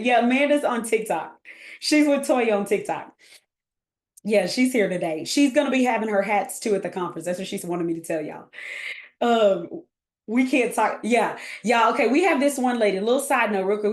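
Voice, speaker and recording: A woman's voice: on the high side, echoey room. A woman, chatting casually as a coach, goofy and full of laughter. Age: 30s. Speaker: host and coach. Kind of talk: casual livestream chat.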